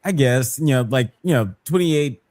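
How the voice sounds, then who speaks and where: A man's voice: mid-range voice, expressive, normal speed, a little mellow, dry recording. A man co-hosting a podcast, reacting in easygoing casual chat with frequent fillers. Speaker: podcast co-host.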